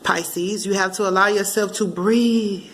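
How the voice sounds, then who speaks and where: A woman giving a casual tarot reading to camera, animated and playful, slipping into bits of song and acted asides. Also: on the low side, a little fast. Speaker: tarot card reader.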